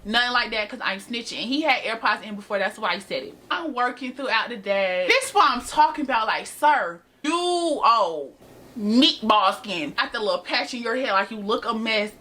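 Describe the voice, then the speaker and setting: A woman's voice: a little high, animated, brisk, few pauses, sharp tone. An eighteen-year-old woman telling a dramatic, sassy storytime straight to her viewers, recorded on a camera mic. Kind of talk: casual storytime chat to camera. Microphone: built-in camera mic.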